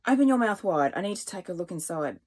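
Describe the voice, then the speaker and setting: A woman voicing a calm male doctor who speaks in a soothing, measured way. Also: fairly low pitch.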